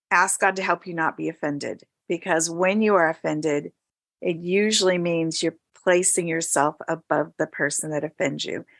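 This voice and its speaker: A woman co-hosting a faith talk show, reflecting warmly on her guest's words. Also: lowish voice. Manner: affirming, reflective. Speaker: podcast co-host. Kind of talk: casual faith conversation.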